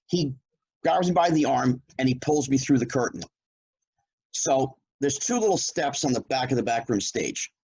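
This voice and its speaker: A man's voice: medium pitch, normal speed, husky, dull audio. A middle-aged man from New Jersey, a former child actor, telling a story in casual chat and acting out the lines of the people in it. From New Jersey, United States. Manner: animated storyteller who acts out quoted lines.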